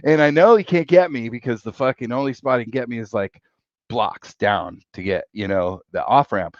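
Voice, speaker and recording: A man's voice: mid-range voice, normal speed, no room sound, highs cut off. A middle-aged man hosting a casual chat, telling long rambling stories full of swearing. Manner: rambling, profane, animated storyteller. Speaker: podcast host.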